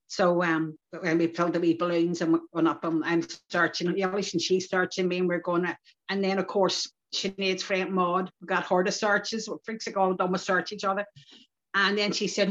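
An older woman from Northern Ireland, interviewed as a community activist, tells lively stories from her past with local turns of phrase and a reflective, relaxed tone. Her pitch is fairly low and her pace fairly quick, on a dull lo-fi podcast recording.

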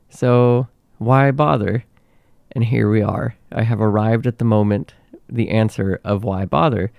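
A man's voice: fairly low pitch, dark tone, no room sound, studio quality. A man hosting a solo podcast, talking in a reflective, conversational way while sick, with a nasal voice. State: sick, under the weather. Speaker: podcast host.

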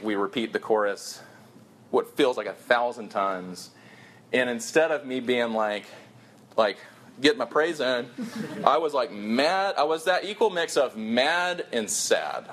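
A man's voice: medium pitch, a bit bright. A young man preaching a sermon to college students, earnest and storytelling, with his voice jumping up for emphasis.

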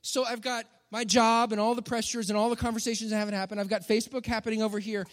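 High-voiced pastor preaching. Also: male voice, flat delivery, fast talker. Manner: conversational and humorous, keeps asking "right?". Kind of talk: sermon.

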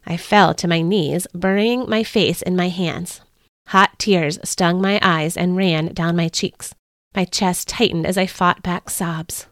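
A woman's voice: fairly low pitch, steady tone, slow pace, a bit bright, no room sound, studio quality. A woman hosting a devotional podcast, reading a story aloud with earnest expression.

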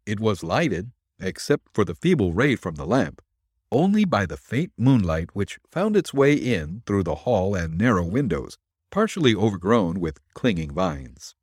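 A man with a low voice reads an old detective story aloud, his pitch rising and falling with the drama. The recording is close and dry, with no room sound. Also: unhurried, slightly rough, dry recording. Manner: expressive, dramatic reading. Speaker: podcast narrator. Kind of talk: storytelling narration.

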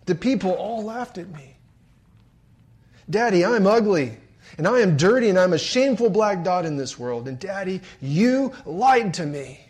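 A man voicing a frightened little girl who pleads with her father in quick, breaking bursts. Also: sits high, animated, a little mellow. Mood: pleading.

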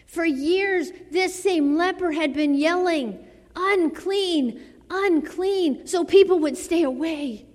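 A woman preaching a sermon to a church. She delivers it dramatically, dropping to soft near-whispers and then rising to fervent exclamations. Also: very high-pitched, unhurried. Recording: long reverb of a large hall.

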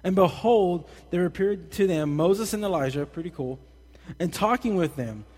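A young man preaching a casual, animated sermon with jokey asides, recorded in a church hall. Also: sits high, moderate pace, slightly rough, faint music behind. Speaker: pastor. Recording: long hall reverb.

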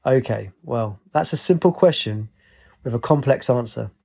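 A man's voice: medium pitch, lively intonation, normal speed, gravelly, warm tone, husky. A man voicing a blunt, sarcastic homeless former soldier who mutters and mocks. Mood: weary.

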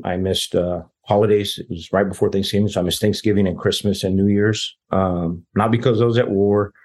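Deep husky man telling stories. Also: darkish tone. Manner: rambling, quotes others in dialogue. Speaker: interview guest. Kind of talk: casual personal storytelling.

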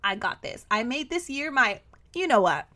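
A woman's voice: on the high side, sing-song, normal speed, pushed and bright. A young adult woman hosting a podcast, giving an emphatic motivational pep talk full of rhetorical questions. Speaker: podcast host.

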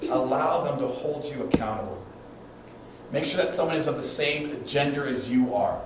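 A middle-aged pastor delivers a sermon from the pulpit in a mid-range voice at normal speed, drawing out stories, acting out quotes in different voices and swinging dynamically in volume. The distant mic picks him up echoing through a roomy church sanctuary with a faint room hum behind him.

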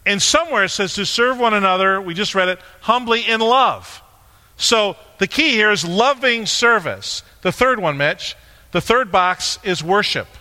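A man preaching in a casual, conversational way, bantering with a stage helper between points. His voice sits high and sounds bright and forceful. The sound carries the long reverb of a large church hall. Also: expressive, moderate pace. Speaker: pastor. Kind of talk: sermon with props. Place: church sanctuary.

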